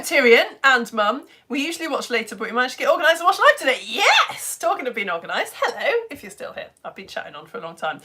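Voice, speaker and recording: A woman's voice: fairly high pitch, bright, forceful tone. A woman teaching a live online lesson, chatting with viewers, greeting them by name and joking about herself. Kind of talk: live-stream chat with viewers. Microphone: home streaming setup.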